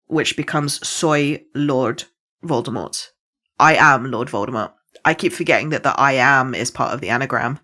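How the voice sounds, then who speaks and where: A woman co-hosting a podcast, explaining things in an animated way and laughing often. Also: low-pitched, a little slow. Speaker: podcast co-host. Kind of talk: casual podcast chat.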